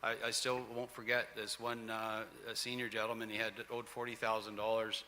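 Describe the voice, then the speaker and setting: Brief: male incumbent MP, sharp bright voice, earnest and halting, faint room hum. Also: on the low side, monotone. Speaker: member of parliament running for re-election. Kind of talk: debate answer.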